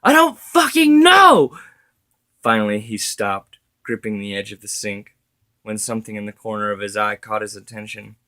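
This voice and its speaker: Guy reading his own story out loud, low voice, trips over a word now and then. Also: brisk, clean tone, no echo. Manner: steady, occasional stumbles and self-corrections.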